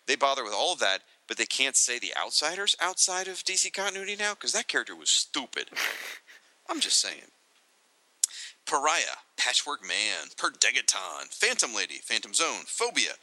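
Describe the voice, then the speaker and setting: A man co-hosting a casual chat, reading entries aloud from a reference book and adding excitable, joking asides. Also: mid-range voice, no room sound, poor audio. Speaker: podcast co-host.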